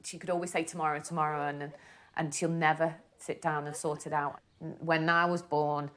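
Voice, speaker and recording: A woman speaking thoughtfully and in a measured way in an interview. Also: low-pitched, flat delivery, a bit bright, a little hiss or hum. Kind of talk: reflective interview.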